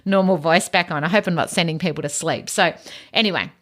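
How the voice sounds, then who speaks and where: Aussie woman podcasting, calm soft near-monotone voice, lots of "you know". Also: a little fast. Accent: Australian. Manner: calm, soft, low-key delivery; practical advice, frequent "you know". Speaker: podcast host and educator. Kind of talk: teaching podcast talk.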